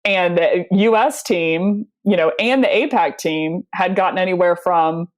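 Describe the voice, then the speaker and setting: A woman with a somewhat low voice speaks as an interview guest. She talks in a loose, animated storytelling way, full of fillers and quick laughs. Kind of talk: casual interview talk.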